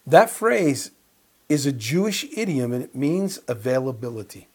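A man's voice: a little high, big pitch swings, normal speed, a little mellow, slightly rough. A man preaching a conversational sermon and Bible study, chuckling and putting questions to his listeners.

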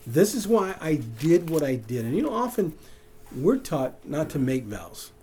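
A man's voice: a little high, sing-song, unhurried, dark tone. A man preaching a sermon to a congregation, asking questions of the room and chuckling at his own points. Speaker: pastor.

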